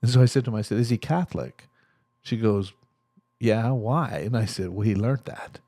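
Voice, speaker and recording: A man's voice: fairly low pitch, moderate pace, dark tone, dry recording, studio quality. A man being interviewed as a therapist, telling stories animatedly and acting out the voices of the people in them. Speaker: guest, therapist. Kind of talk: storytelling interview talk.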